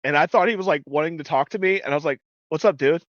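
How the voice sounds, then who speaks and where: A man's voice: a little high, very fast, no echo, lo-fi sound. A middle-aged man co-hosting a podcast, telling stories in casual chat, swearing often and acting out the voices of people in his stories. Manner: animated storyteller, swears a lot, acts out voices. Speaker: podcast co-host.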